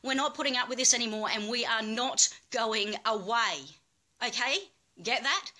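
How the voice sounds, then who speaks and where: A woman's voice: a little high, moderate pace, bright, forceful tone. A woman with an Australian accent making an impassioned, angry plea as an activist guest, emphatic and swearing.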